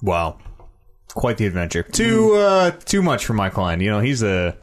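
A man's voice: on the low side, wildly swooping pitch, moderate pace. Sarcastic, swearing man. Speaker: podcast co-host. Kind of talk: casual chat.

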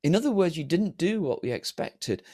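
A man preaching a sermon to an online congregation, animated and humorous, slipping into flat mock-bored voices. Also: on the high side, moderate pace. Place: streamed church service.

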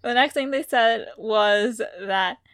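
A young woman co-hosting a casual chat, relaxed and heavy on fillers, laughing along. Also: on the high side, slow pace.

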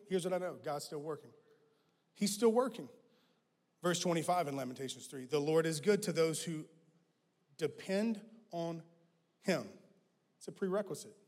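High-voiced man preaching in a hall. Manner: impassioned, repeats phrases, rises to loud declarations then drops low. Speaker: guest pastor. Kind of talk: sermon. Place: church sanctuary. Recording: long hall reverb with music underneath.

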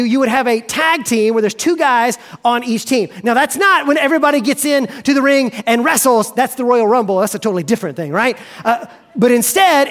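A male pastor preaching a sermon in a conversational, animated storytelling manner, often saying "man" and "right.". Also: extremely high pitch.

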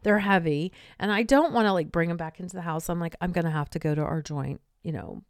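A woman's voice: lowish voice, quick pace, no echo, clean studio sound. An older woman hosting a podcast, telling a personal story with feeling and sometimes dropping to a whisper. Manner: emotional, drops to whispers in tender moments. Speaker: podcast host.

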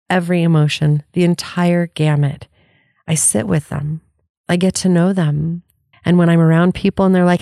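A woman's voice: lowish voice, fairly even intonation, moderate pace, gravelly, warm tone, dry recording, clean studio sound. A woman life coach giving an earnest, candid motivational talk, laughing often and swearing casually.

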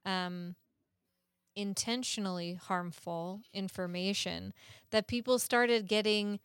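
A woman's voice: medium pitch, steady tone, slow, smooth, dry recording, clean studio sound. A woman co-hosting a podcast, explaining things earnestly in casual chat, laughing often and cursing now and then. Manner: curses casually.

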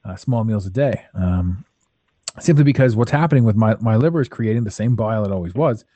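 A man's voice: fairly low pitch, brisk, dark tone, no echo. Blunt, emphatic male podcast host. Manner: emphatic, blunt, swears freely. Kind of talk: casual chat.

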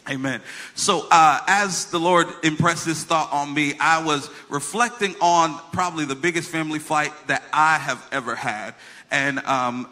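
A pastor preaching a sermon, reading scripture with humorous asides and telling a childhood story in a conversational way. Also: male voice, fairly high pitch, pushed and bright.

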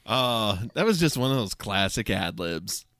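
Gravelly, halting man co-host. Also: lowish voice, no echo, studio quality. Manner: relaxed, halting, repeats himself. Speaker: podcast co-host. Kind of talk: casual chat.

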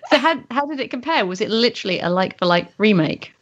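A woman's voice: fairly high pitch, expressive, fast talker. Chatty woman, muffled audio. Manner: chatty, asks questions, rambling asides. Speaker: podcast co-host. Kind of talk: casual chat.

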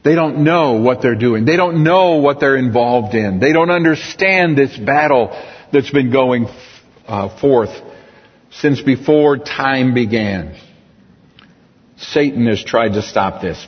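A middle-aged man preaching a sermon as pastor, earnest and slowing down on key words. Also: mid-range voice, husky. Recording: distant echoey church hall, dull sound.

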